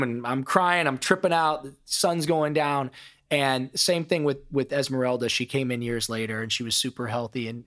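A middle-aged man from Ohio, a podcast guest telling stories in an emphatic, profane, animated way. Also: mid-range voice. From Ohio, USA. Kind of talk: casual storytelling interview.

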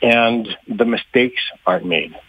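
A man who works with trucking companies, answering radio interview questions in a halting way with many fillers and restarts, a little out of breath. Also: mid-range voice, husky. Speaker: trucking industry guest. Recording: muffled phone-like line, dry.

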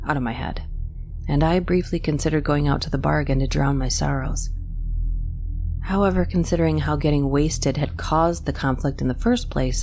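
A woman reading a first-person horror story in a steady, measured way. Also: sits low, slight background noise. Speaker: story narrator.

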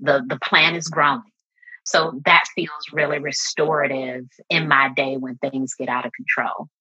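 Woman, middle-aged, podcast guest, low voice, bright pushing tone, earnest casual chat. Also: steady tone, unhurried, breathy edge, muffled recording. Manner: earnest and open, many "like" fillers. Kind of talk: reflective casual conversation.

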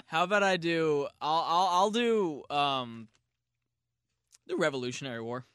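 A man's voice: fairly high pitch, lively intonation, fairly bright tone, smooth, no echo, studio quality. An American man co-hosting a comedy podcast, rambling and riffing in casual comedic chat. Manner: rambling, jokey, quick to riff. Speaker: podcast co-host.

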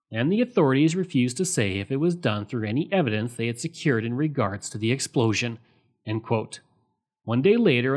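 A man hosting a history podcast, reading a scripted narration in a measured way and reading out sources marked with quote and end quote. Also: medium pitch, darkish tone.

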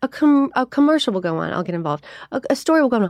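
Animated woman in her forties. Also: fairly high pitch, no room sound, clean studio sound. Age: 40s. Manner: animated, acts out her own thoughts in quick asides. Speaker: actress guest. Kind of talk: casual interview chat.

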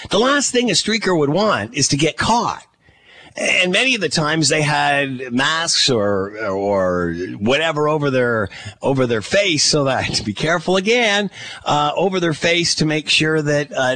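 Animated rambling male radio host. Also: on the high side, dry recording. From Canada. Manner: rambling, chuckling, mock quotes. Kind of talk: casual on-air chat.

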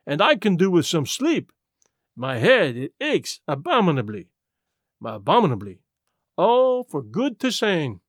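A man voicing a small, placid detective who speaks gently and precisely. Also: fairly high pitch, huge pitch swings, a little slow, dry recording, studio quality, heavily acted. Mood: weary.

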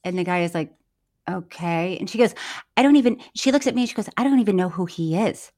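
A woman's voice: lowish voice, fast, darkish tone. A woman co-hosting a podcast, telling a story in casual chat, acting out the quotes and laughing often. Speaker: podcast co-host.

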